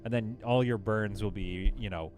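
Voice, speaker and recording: A man's voice: fairly low pitch, fairly even intonation, normal speed, darkish tone, soft background music. A man casually chatting on a live game stream, reading out viewer messages and laughing often. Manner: chatty, reads chat aloud, laughs often. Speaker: livestream gamer host.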